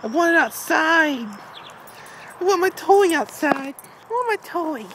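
A man voicing his excited male pet dog, begging for a toy in a high, whiny, pleading tone. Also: unhurried, background noise, full character voice.

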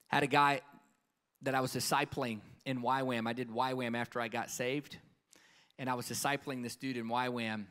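A man preaching a sermon at a live conference, passionate, his voice swinging between loud, urgent stretches and hushed, quiet ones. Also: medium pitch, fairly even intonation, brisk. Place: conference hall stage.

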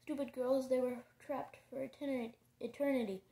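A magic pen proclaims the tale in a grim, dramatic voice, as a woman puts it on. The sound is mellow, slightly high and roomy. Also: fairly even intonation, brisk, vocal fry. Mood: proclaiming. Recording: roomy echo.

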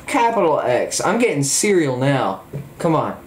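Hyped gamer dude yelling at the screen, pitch jumping all over, kinda echoey room. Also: male voice, measured pace, slight background noise. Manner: excitable, exclamatory, jokey. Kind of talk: excited gameplay commentary.

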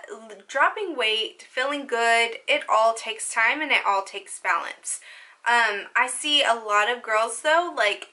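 A woman's voice: on the high side, pushed and bright. A young woman with a country accent giving casual, rambling advice to her viewers as a lifestyle vlogger. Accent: Southern US country. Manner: rambling, upbeat, jumps between topics.

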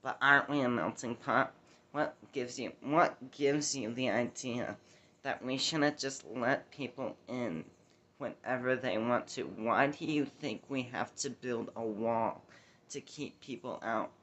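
A man puts on a scattered woman politician who rambles in a slow, drawn-out delivery and keeps tacking "okay?" onto her lines. She sounds emotional, veers off topic, and circles back to the same points. The recording is dull and lo-fi. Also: mid-range voice, sharp tone. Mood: defensive. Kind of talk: comedic impression sketch.

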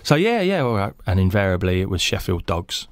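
A man, a former footballer, telling animated anecdotes on a podcast and acting out the people he quotes. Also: low-pitched, fairly quick, slight background noise. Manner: animated storyteller, acts out quotes, laughs mid-story. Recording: dry close mic in small studio.

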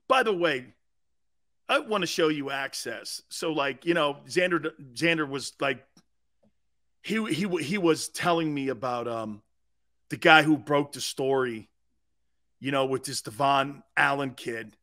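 A man's voice: a little high, a little slow, pauses often. A man hosting a sports talk show, ranting in a mocking, incredulous way. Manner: mocking and incredulous, breaking into laughter and shouted outbursts.

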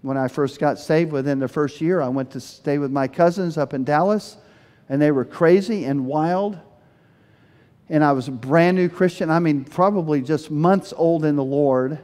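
Animated pastor in a reverberant church. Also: male voice, a little high, normal speed. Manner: animated storytelling, voices quoted speakers with bursts of energy. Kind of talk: sermon. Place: church sanctuary. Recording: long hall reverb.

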